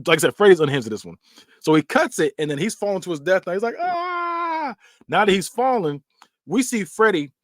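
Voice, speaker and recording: Man, podcast host, lively up-and-down voice, dry close sound, acts out scenes. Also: a little high, no echo. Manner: animated storytelling, acts out scenes with quick sound effects and laughs. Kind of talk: casual horror movie recap.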